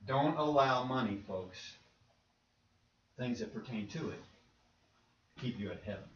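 A man's voice: medium pitch, animated, unhurried, a bit bright, slight background noise. A man preaching an earnest, plain-spoken sermon to his congregation in a church, calling them "folks". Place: church sanctuary. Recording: roomy, distant, muffled church recording.

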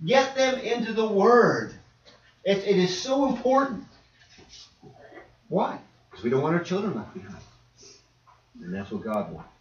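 Male preacher, animated sermon delivery, swooping lively voice; distant, muffled, echoey recording. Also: medium pitch. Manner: animated, acts out voices and dialogue. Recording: echoey hall, distant dull mic.

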